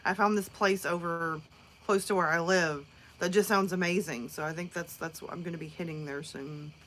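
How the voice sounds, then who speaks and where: A woman's voice: fairly low pitch, steady tone, moderate pace, fairly bright tone, slight background noise. Chatty Southern woman on a livestream. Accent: Southern American. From northern Alabama. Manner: chatty, rambling, laughs often. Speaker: livestream host. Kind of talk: casual live chat.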